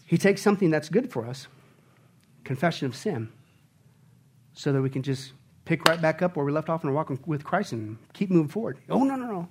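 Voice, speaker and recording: A man delivers a sermon as pastor, his voice sitting high. He preaches emphatically, firing rhetorical questions at the congregation. He moves between quiet, intimate stretches and loud, exclaiming peaks. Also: animated, a little fast, a little hiss or hum.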